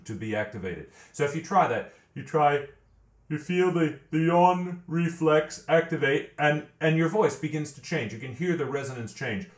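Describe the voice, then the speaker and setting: A man's voice: mid-range voice, reverberant. A man teaching a vocal training lesson, explaining step by step and often repeating words as he thinks. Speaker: vocal coach.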